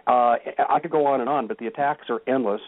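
A man's voice: medium pitch, quick pace, dry recording. A man speaking as a guest on a call-in talk show, telling stories with emphasis. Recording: tinny phone line.

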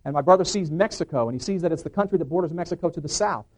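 A middle-aged man giving an animated testimony in church, acting out dialogue and restarting his sentences. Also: a little high, racing. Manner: excited, acts out dialogue, frequent restarts. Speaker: guest speaker giving testimony.

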